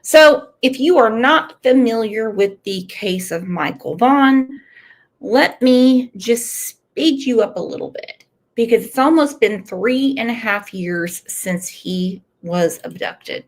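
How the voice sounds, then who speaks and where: A woman's voice: a little high, lively intonation, slow pace. A woman with a cold and a congested voice, hosting a casual true crime livestream, blunt and outspoken as she reads chat. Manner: blunt, outspoken, with emotional asides. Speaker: true crime channel host.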